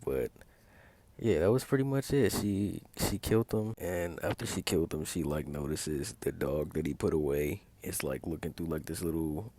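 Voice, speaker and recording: A man's voice: a bass voice, normal speed, mellow, no room sound. A man casually recapping a TV episode, rambling and packing his talk with filler words as he retells scenes. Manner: rambling, heavy use of filler like "like" and "or whatever"; retells scenes by quoting characters in his own plain voice. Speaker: video host recapping a TV episode.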